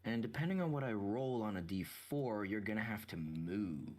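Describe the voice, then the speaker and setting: A man's voice: lowish voice, normal speed. A man playing a tabletop game, describing his turn in a hesitant way with many restarts. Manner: hesitant, full of restarts, lively. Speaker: player. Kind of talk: casual tabletop play.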